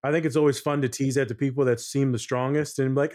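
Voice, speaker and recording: A man's voice: mid-range voice, steady tone, fast, darkish tone, no room sound, clean studio sound. Chill therapist guy talking on a podcast, mid voice, swears a bit, acts out clients. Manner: laid-back, swears, explains with acted-out examples. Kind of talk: casual podcast chat.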